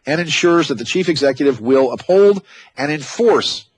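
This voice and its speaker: A man's voice: fairly high pitch, lively intonation, moderate pace, breathy edge, no echo, poor audio. A man hosting a talk radio show, reading news items and breaking in with sarcastic, mocking asides. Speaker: radio host. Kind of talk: opinionated talk radio commentary.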